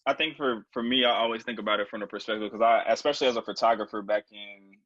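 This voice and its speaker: A man's voice: lowish voice, steady tone, fast talker, a bit bright, dry recording, highs cut off. A man co-hosting a live video chat, laid-back and thoughtful, with many "like"s. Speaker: co-host. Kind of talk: casual chat on a video call.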